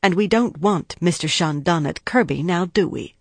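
A woman reading the lines of a cautious female prosecutor in an audiobook, deliberate and precise. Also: fairly low pitch, lively intonation, no room sound. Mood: cautioning. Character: guarded, measured female prosecutor, middle-aged.

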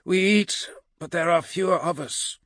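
A man voicing a grim male warband leader who questions his hungry companions in a gruff, measured way. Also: high-pitched, a bit bright, dry recording, clean studio sound, pitched above the performer's own voice.

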